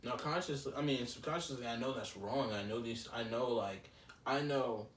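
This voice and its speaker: A young solo podcast host talks at a moderate pace in a medium-pitched voice, musing casually and filling the gaps with lots of fillers. The mic sits slightly far off in a roomy space, picking up faint ambient noise.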